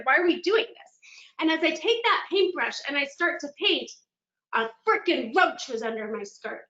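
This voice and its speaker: A woman motivational speaker giving a virtual keynote, telling stories in an animated, dramatic way. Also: high voice. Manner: animated, dramatic storytelling with laughs. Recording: echoey room, dull lo-fi sound.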